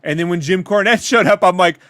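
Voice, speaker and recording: A man from Southern California co-hosting a casual chat, wry and quick to laugh, with halting stammers. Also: high-pitched, pushed and bright, no echo. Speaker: co-host.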